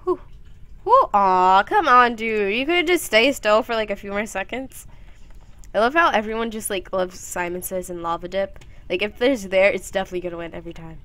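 A teenage girl chatting her way through a game in a loose, rambling commentary. She giggles often and breaks into silly, high-pitched voices on a whim, staying playful throughout. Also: fairly quick, fairly bright tone. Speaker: gameplay commentator. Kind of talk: casual gameplay commentary.

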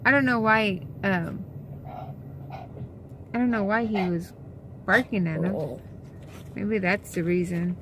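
Slow-talking, bright-voiced young woman vlogger. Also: mid-range voice, slight background noise. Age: young adult. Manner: rambling, exasperated complaining with many fillers. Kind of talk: casual chat. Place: inside a car, later a store.

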